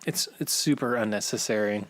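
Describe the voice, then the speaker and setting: A man's voice: lowish voice, a little fast, slight background noise. A man co-hosting a podcast from a basement, chatting casually with a rambling manner and frequent laughs. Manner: rambling, laughs often, restarts phrases. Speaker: podcast co-host. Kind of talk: casual chat. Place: home basement.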